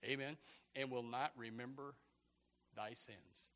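A man preaching a sermon in a church, rambling and excitable, with many restarts and sudden shouted bursts. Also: medium pitch, unhurried. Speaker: pastor. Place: church sanctuary. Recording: long hall reverb.

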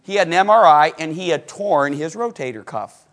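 High-voiced middle-aged man preaching. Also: moderate pace. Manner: animated storyteller, swings from loud excitement to hushed; asks the congregation questions. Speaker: pastor. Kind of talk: sermon with personal story.

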